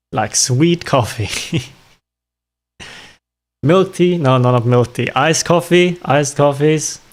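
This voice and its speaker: A man streaming a game, chatting casually and reacting with dramatic, self-mocking exclamations and frequent laughs. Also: medium pitch. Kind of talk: casual gaming livestream chat.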